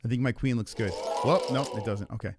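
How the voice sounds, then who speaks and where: A man's voice: mid-range voice, fairly even intonation, fast, very noisy. A man casually commentating his own poker game, taunting and swearing at his opponent. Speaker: podcast host playing poker.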